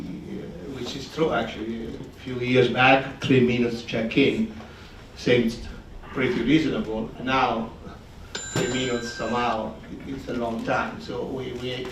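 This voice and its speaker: A man's voice: mid-range voice, slight background noise. A man moderating a conference session, addressing the audience hesitantly with many fillers. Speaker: event moderator. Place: conference room. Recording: roomy, distant hall mic.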